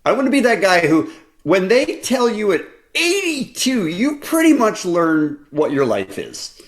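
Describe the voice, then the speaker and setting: Male podcast co-host, wildly swinging pitch, playful banter. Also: a little slow. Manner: animated, joking, laughs often. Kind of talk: casual chat.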